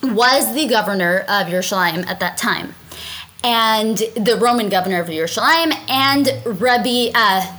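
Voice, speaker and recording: A woman's voice: on the high side, lively intonation, moderate pace, sharp tone, low-quality recording. A woman teaching a Talmud story in a chatty way, translating Aramaic lines and often asking "right?". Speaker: Torah class teacher.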